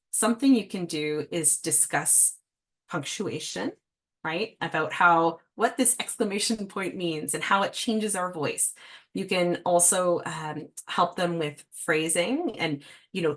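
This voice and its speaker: A woman reading specialist giving a casual, friendly workshop talk to parents, with many fillers. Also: on the low side. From Canada.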